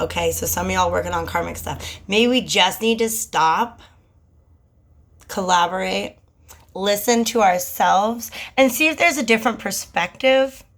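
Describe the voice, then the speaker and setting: A woman giving a casual tarot reading in a chatty, slangy, animated way. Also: mid-range voice. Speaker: tarot reader.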